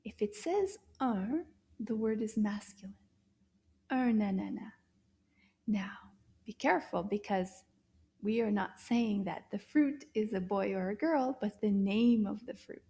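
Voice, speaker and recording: A woman teaching French to young children, slow and animated, gasping with delight and drawing out her words. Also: mid-range voice. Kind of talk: children's language lesson.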